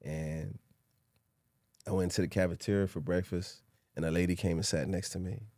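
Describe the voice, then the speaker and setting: A man from Miami with a very low, gravelly voice talks through his life story in a laid-back, reflective way. His tone is dark and mellow. The recording is dry and close. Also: steady tone, normal speed, no room sound. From Miami, Haitian family. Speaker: podcast guest, former football player. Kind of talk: casual interview storytelling.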